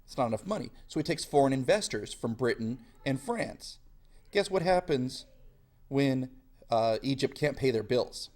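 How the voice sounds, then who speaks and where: A man's voice: medium pitch, animated, normal speed, a little mellow. Sarcastic young male history teacher. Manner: sarcastic, slangy, acts out quoted voices. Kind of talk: casual classroom lecture.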